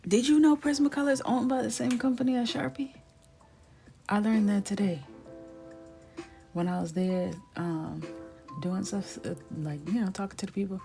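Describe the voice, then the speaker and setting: A woman in her thirties telling stories while she colors on a live stream, chatty and animated, often dropping to a near whisper. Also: mid-range voice, moderate pace, gravelly, long pauses, soft background music. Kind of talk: casual storytelling while coloring.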